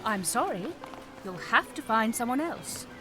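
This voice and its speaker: A woman's voice: on the high side, big pitch swings, unhurried, background noise. A woman playing a breezy female mystery writer in disguise in a video game. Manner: breezy, chirpy upper-class exclamations. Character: posh female mystery writer posing as a flower seller. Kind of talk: game voice acting. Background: game music.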